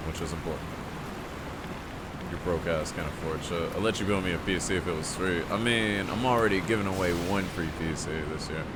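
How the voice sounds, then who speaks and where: A man with a low, deep voice chats loosely with his viewers as he plays through a game, his nose a little stuffed up. He rambles, then bursts out loudly when something happens on screen. Game sounds sit clearly in the background. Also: very noisy. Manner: chatty, talks to chat, loud excited outbursts. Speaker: game streamer. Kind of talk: casual let's-play commentary.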